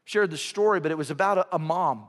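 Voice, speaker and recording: A man with a high voice preaches a sermon, telling stories and asking the congregation rhetorical questions. His words ring out with a long echo, like a large church hall. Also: fast talker. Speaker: pastor.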